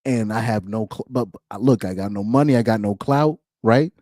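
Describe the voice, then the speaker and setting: A man's voice: on the low side, moderate pace, a little mellow, dry recording, clean studio sound. A man giving blunt, ranting reaction commentary, laughing often between points. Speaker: commentary streamer.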